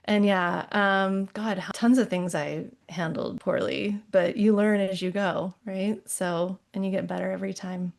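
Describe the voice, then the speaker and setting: A woman's voice: mid-range voice, fairly even intonation, unhurried, vocal fry, hardly any pauses. A woman chatting casually on a podcast, a yoga studio owner who fills her talk with "like" and "you know".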